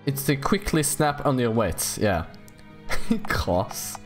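A young man giving casual, jokey let's play commentary on a horror game, rambling and squealing up high when excited. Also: slow. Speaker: gaming YouTuber. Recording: faint game music behind.

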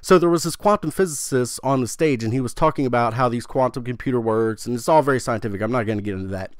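Excitable, swearing young man on a dry mic. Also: mid-range voice, fast talker, no echo. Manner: excitable, swears freely, rambling and self-interrupting. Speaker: gaming channel host. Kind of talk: casual video commentary on a game storyline.

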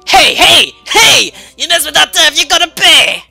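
Woman doing a loud vaguely Italian mole guy. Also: sits high, very animated, measured pace, soft background music, pitched above the performer's own voice, heavily acted. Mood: tough. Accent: vaguely Italian, put on. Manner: loud, gruff, swaggering, shouty. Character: brash male mole creature, turf-guarding. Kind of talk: game dialogue voice-over.

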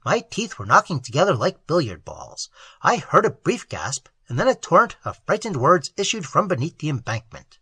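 A man narrating a story in an animated, expressive way. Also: a little high, moderate pace, husky, no echo. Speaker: audiobook narrator.

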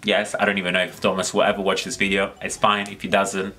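Bright-voiced chatty man vlogging makeup. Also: deep voice, monotone, quick pace, soft background music. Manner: chatty and giggly, rambling with many fillers. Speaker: makeup vlogger, channel host. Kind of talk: casual chat to camera.

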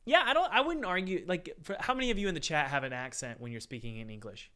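A man's voice: a little high, quick pace, pushed and bright. A man hosting a live-stream Q&A, chatty and upbeat, calling his viewers guys. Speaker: game dev course host answering live chat.

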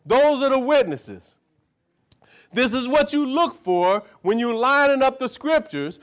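A man's voice: very high voice, very animated, measured pace. A man preaching live to a small group. He teaches from scripture in a folksy way, keeps checking in with "see?" and "right?", and repeats key words in rhythmic runs. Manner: leads a reader through verses, echoing each phrase.

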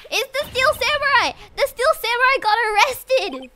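A woman voicing an excitable teenage girl who bursts out loudly and eagerly. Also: very high-pitched, moderate pace, a little hiss or hum, voice pushed up, heavily acted. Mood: frantic. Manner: bubbly, eager, loud outbursts. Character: excitable teenage girl, spirit medium assistant.

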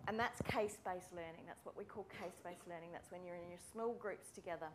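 A woman, a speech pathology lecturer giving a friendly, brisk welcome talk to students and calling out names. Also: lowish voice, background noise. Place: university room with students.

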